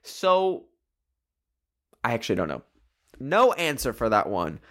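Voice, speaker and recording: A man's voice: lowish voice, huge pitch swings, fairly quick, fairly bright tone. A young man rambling playfully through casual would-you-rather questions on his own video channel, with many fillers. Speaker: solo video creator.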